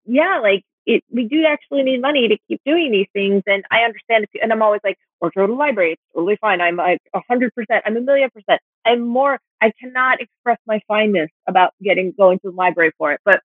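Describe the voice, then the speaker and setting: Animated woman on a tinny phone line. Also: a little high, fast, hardly any pauses, no room sound. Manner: animated, rambling, self-deprecating. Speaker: author and podcast guest. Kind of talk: casual chat.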